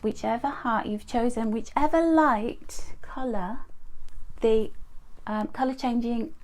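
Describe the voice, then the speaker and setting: A woman's voice: fairly high pitch, a little mellow. A woman, reading oracle cards on a live stream and chatting as she greets viewers by name. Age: 50s. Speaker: card reader.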